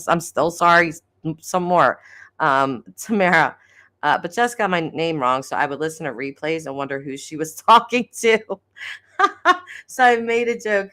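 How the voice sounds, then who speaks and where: A woman's voice: fairly low pitch, fairly bright tone. A middle-aged woman hosting a casual live stream, reading chat comments aloud, giggling and teasing herself about getting names wrong. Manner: giggly, self-deprecating, chatty.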